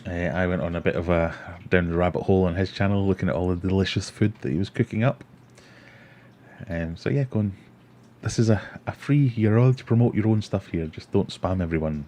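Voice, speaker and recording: A middle-aged Scottish man hosts a casual livestream, chatting and rambling while reading out viewer comments. His voice sits low, moves a little fast, and has a slightly mellow quality.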